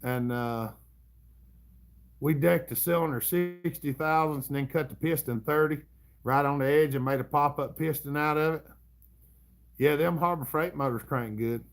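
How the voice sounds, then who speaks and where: A man's voice: on the high side, normal speed, creaky. Folksy Southern man chatting about engines. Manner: drawling, chuckling, folksy mechanic talk. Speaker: livestream host. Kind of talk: casual live chat reading comments.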